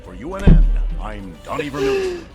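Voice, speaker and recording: Slick pompous news anchor. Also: male voice, a little high, huge pitch swings, normal speed, music in the background. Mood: showy. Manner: pompous broadcaster delivery.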